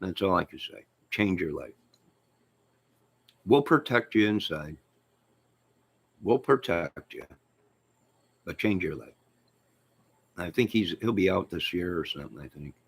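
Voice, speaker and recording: A man hosting his own channel, chatting in a rambling, jokey way with sudden loud outbursts. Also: low voice, lively intonation, unhurried, long pauses, husky. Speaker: channel host. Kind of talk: rambling joking livestream chat.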